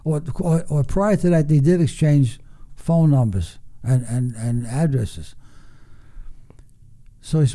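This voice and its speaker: A man's voice: a little high, takes it slowly, pauses often, mellow. An older man, telling salty, profane stories with a chuckle as a guest. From Long Island, New York. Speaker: guest, racing veteran. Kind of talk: casual storytelling.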